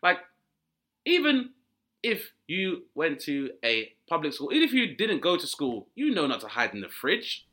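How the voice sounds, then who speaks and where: A man ranting comically, jumping into mock voices and shouted punchlines. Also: on the high side, wildly swooping pitch, normal speed. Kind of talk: comic rant with acted-out voices.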